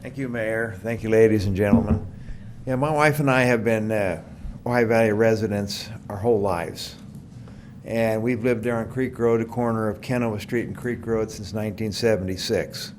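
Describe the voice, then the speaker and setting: A man's voice: fairly low pitch, a little mellow, slight background noise. An older man, a great-grandparent, speaking plainly and rambling a bit during public comment at a council meeting.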